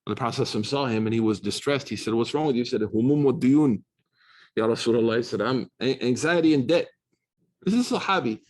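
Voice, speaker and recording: An American man giving a casual classroom lecture on religious texts, animated and slangy, switching into quick recitation. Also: medium pitch. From United States. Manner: fast, slangy, animated storytelling with Arabic recitation. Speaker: Islamic studies teacher. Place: university classroom.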